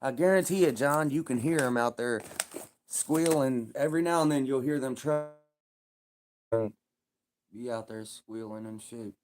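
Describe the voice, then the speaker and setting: A man holds forth on a livestream in loose, profane street talk, blunt and unbothered. His voice sits in an ordinary middle pitch, and he rambles on in easygoing, conversational stories. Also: unhurried, long pauses, a little mellow. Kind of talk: casual storytelling on a livestream.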